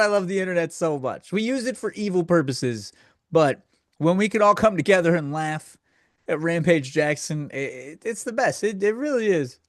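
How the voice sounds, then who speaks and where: A man's voice: on the high side, dry recording, studio quality. A man hosting a comedy podcast, ranting in a crude, sardonic, rambling way. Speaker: podcast host. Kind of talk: comedic rant.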